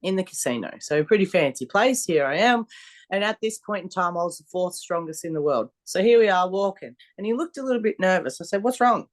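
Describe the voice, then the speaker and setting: This woman has a lowish voice and speaks fairly quickly. She's a strongwoman athlete on a podcast, swearing freely while she tells blunt, lively stories in a relaxed interview.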